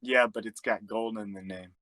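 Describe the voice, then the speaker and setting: A man in casual chat with friends, joking in a deadpan way and bargaining stubbornly. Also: fairly low pitch, moderate pace, dry recording. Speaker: podcast co-host.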